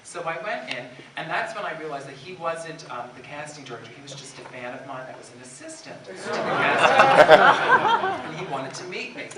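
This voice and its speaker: A man in his fifties with a Bronx accent, a drag performer telling comic stories on a convention panel, animated and laughing often. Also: a little high. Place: large convention hall. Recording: echoey hall from far off, background noise.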